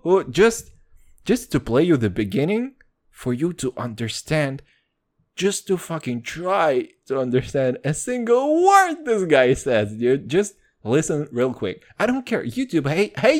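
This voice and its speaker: A young man hosting a podcast in a casual, excitable chat, swearing freely and calling everyone "dude". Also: a little high. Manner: excitable, profane, says "dude" constantly. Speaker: podcast host.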